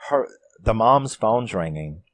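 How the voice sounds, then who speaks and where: A man casually recapping a horror movie. He speaks slowly in a low voice and swears freely. His storytelling stays animated throughout. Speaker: film reviewer.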